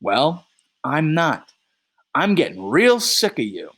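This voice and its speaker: A man reading a play aloud and voicing a furious, bullying middle-aged male juror who shouts and rants. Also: on the high side, wildly swooping pitch, takes it slowly, slightly rough, voice pushed up, exaggerated voice. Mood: ranting. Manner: shouting, ranting.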